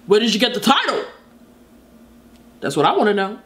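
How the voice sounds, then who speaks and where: A woman's voice: medium pitch, sing-song, a little slow, long pauses, fairly bright tone. A woman hosting a music reaction video, talking in a dramatic, exclamatory, sassy way. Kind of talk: casual reaction commentary.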